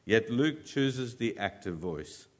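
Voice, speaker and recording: A man preaching an expository sermon, moving between louder emphatic lines and quiet, dropped lines. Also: on the low side, expressive, slow. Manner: expository, shifts loud and soft for emphasis.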